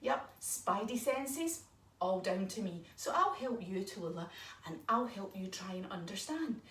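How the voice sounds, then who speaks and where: A woman's voice: medium pitch, animated, measured pace, a bit bright. A woman voicing the boastful, kindly king of all spiders in a yoga story for children, recorded in an echoey room from some distance. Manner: boastful, reassuring. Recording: echoey room, mic far off, faint noise.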